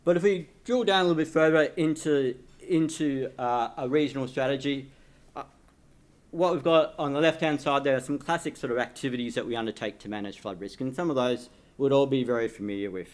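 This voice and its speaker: Man giving a seminar talk. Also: medium pitch. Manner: steady, halting with fillers and restarts. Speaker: government department manager presenting. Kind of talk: seminar presentation. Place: conference venue.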